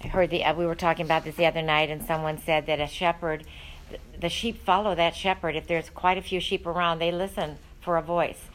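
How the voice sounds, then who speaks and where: A woman's voice: fairly low pitch, little pitch movement, fairly quick, a little hiss or hum, poor audio. A woman teaching a Bible study, talking in an earnest, conversational way with frequent ums and uhs.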